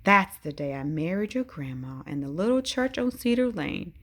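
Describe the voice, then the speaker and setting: A woman's voice: lowish voice, animated, moderate pace. A woman reading a fond, reminiscing old grandpa.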